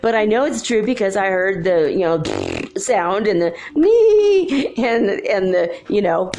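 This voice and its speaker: A woman hosting a talk show, telling a story casually, chatty and laughing often as she quotes people in lively voices. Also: mid-range voice, slow. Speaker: podcast host.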